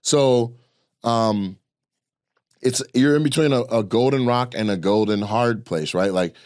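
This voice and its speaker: A fairly low-pitched man chats in a loose, animated way, jumping between opinion and story and slipping into quoted voices. He sounds middle-aged and talks with swearing and easy laughs. The sound is dry and close, with no room around it. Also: moderate pace, no room sound. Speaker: comedian and podcast co-host. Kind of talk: casual opinion chat.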